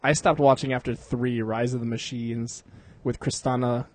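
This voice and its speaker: A man's voice: medium pitch, little pitch movement, moderate pace, a little mellow. A young man hosting a casual podcast, rambling and swearing a lot, laughing often. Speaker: podcast host.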